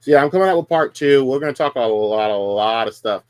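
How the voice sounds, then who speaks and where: A man's voice: medium pitch, lively intonation, quick pace, clean tone, no echo. Profane ranting male streamer. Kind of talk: heated casual stream talk.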